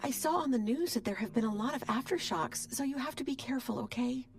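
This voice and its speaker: A woman gives voice to a young woman in an audio drama, anxious and tender. Her voice sits a bit higher and breathy, with worry close to the surface. Soft music runs behind. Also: expressive, normal speed.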